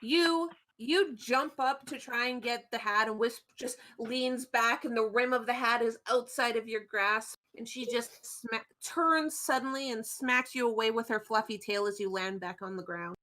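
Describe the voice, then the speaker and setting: A woman's voice: a little high, normal speed, few pauses, bright, forceful tone. A woman narrating as game master in an online tabletop game, in a playful, wry manner. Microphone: video call.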